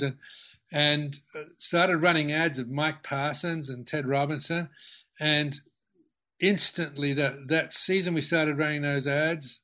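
The older man's voice is fairly high, pushed, and bright as he tells a long anecdote in an interview. A company founder, he halts repeatedly, restarting sentences and using many fillers.

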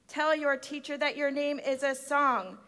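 An encouraging mother from a storybook speaks in an emphatic, sing-song way, voiced by a woman reading aloud. Her voice is high and bright, and a long church reverb rings after it. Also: fairly even intonation, a little slow.

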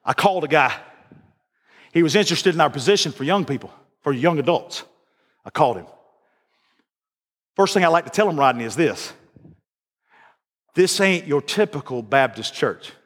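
A man's voice: a little high, lively intonation, moderate pace, pauses often, fairly bright tone. A man preaching a sermon in a church, folksy and emphatic, repeating his phrases. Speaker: pastor. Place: church sanctuary. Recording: long reverb of a large hall.

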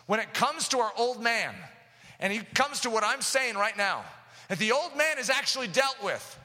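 A man preaching a sermon, impassioned, with sudden loud outbursts, recorded in an echoey hall. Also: extremely high pitch.

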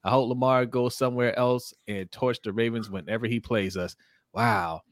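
A man's voice: medium pitch, normal speed, dry recording, studio quality. A man co-hosting a sports livestream, reading viewer comments aloud and greeting each one by name, with frequent laughs. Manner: animated, greets chat by name, laughs often.

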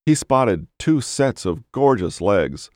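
A man narrating a dark novel as an audiobook, in a measured, unhurried way. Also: medium pitch, very animated, dry recording, studio quality.

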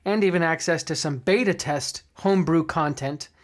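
A man's voice: on the high side, normal speed. A man hosting a podcast about running tabletop games, talking in a friendly, chatty way with fillers. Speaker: podcast host and game master. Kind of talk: casual podcast talk.

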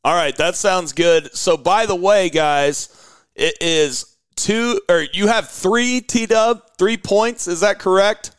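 A man hosting a sports talk show, keeping a friendly, quick back-and-forth going in casual chat. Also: sits high, smooth, no room sound.

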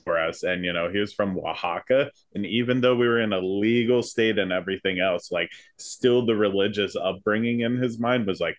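A man's voice: fairly low pitch, fairly quick, hardly any pauses, no room sound. A man co-hosting a casual podcast, sharing easygoing, wry anecdotes. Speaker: podcast co-host.

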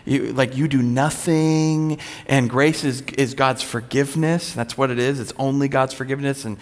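A man's voice: medium pitch, moderate pace. Man preaching in an echoing hall. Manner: relaxed, storytelling, self-deprecating humor. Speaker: pastor. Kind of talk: conversational sermon. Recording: long reverb of a large hall.

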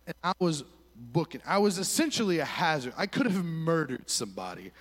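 A young man preaching, telling a lively story with voiced quotes in a church hall. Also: on the high side, a little fast. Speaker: pastor. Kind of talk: sermon story. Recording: long hall reverb.

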